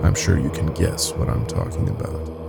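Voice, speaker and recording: A man tells a first-person horror story in a grim, wry voice. His voice is very low and gravelly. Faint music plays behind him. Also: moderate pace. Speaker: narrator.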